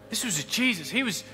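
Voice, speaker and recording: A man preaching a sermon as pastor, building to loud emphatic peaks. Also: on the high side. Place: church auditorium. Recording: long hall reverb with faint music.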